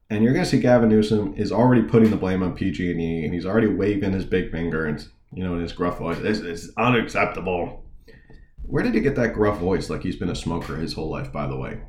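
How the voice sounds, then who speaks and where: Deep-voiced man hosting a political show. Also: darkish tone, echoey room. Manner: informal, digressive, sarcastic asides. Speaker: political talk show host. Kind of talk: casual political commentary with read-aloud articles.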